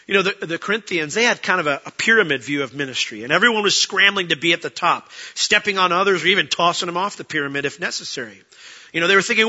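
A man preaching a sermon as pastor, lively and acting out the people he quotes. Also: a little high, a little fast, lo-fi sound. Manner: animated, acts out quoted voices.

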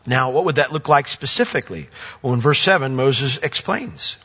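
Animated preacher in a reverberant hall. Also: male voice, normal speed, slightly rough. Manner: animated, swings from emphatic highs to soft low asides. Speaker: pastor. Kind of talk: sermon. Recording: dull lo-fi audio with long reverb.

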